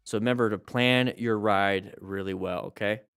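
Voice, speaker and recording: A middle-aged man commenting live on motorcycle crash videos as a riding instructor, lively and coaching, with jokey asides. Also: lowish voice, normal speed, smooth.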